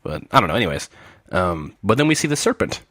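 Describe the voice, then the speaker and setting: A man's voice: low-pitched, big pitch swings, quick pace, a bit bright, dry recording, studio quality. A young man co-hosting a podcast, recapping episodes in casual chat with wry, joking asides. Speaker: podcast co-host.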